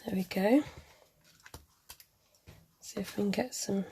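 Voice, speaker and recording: A woman's voice: mid-range voice, steady tone, slow, creaky, mellow, a little hiss or hum. A middle-aged woman hosting a craft video, chatting casually and muttering to herself as she works, with the odd giggle. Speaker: craft vlogger. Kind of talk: casual chat while crafting.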